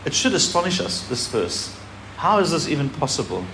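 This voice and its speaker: A man's voice: fairly high pitch, normal speed. Male preacher, slightly raised voice, emphatic scripture reading, faint hiss behind. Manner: animated preaching, reads scripture aloud with emphasis. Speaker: pastor. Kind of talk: sermon.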